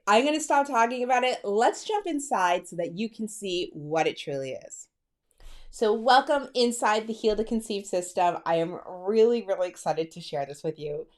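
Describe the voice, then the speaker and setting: A woman coach speaking close to the mic in a lively, personal vlog style. Her voice sits at an everyday middle pitch. She sounds excited and chatty, and she keeps calling her listeners girl and sis. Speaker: fertility coach. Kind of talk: direct-to-camera coaching talk.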